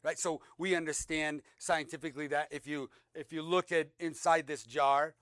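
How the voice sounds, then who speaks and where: Man, sermon, high voice, clear resonant tone, dry close sound, emphatic swings between loud and soft. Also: fairly even intonation, normal speed, no room sound. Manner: dynamic preaching, rising loud on emphasis and dropping soft; reads scripture aloud, repeats words for emphasis. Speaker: pastor.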